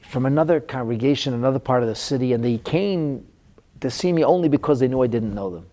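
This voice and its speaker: A man's voice: mid-range voice, fast, warm tone. A middle-aged man teaching a Talmud class as a rabbi, telling a painful counseling story in an earnest, emotional way.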